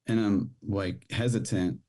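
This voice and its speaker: Low, dark-voiced man recounting. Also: steady tone. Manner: plain, halting storytelling with fillers. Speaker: podcast guest. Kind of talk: personal testimony.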